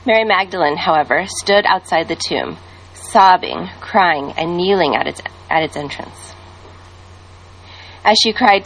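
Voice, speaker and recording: Brief: female narrator, slightly low, steady and calm, reads scripture as a story. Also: a little hiss or hum, poor audio.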